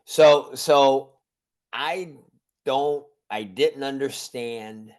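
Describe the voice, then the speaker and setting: A man's voice: medium pitch, extremely slow, darkish tone. A man who runs a martial arts school, telling rambling stories in a casual podcast chat. He often repeats words and acts out the conversations he describes. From Cleveland, Ohio area. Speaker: judo instructor. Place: remote call.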